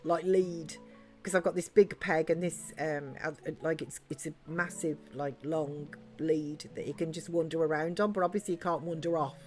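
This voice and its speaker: A woman's voice: low voice, steady tone, moderate pace, darkish tone, faint music behind. A woman streamer thinking aloud while playing a cozy farming game, with lots of ums and likes. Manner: rambling, thinking aloud with fillers. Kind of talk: casual gameplay commentary.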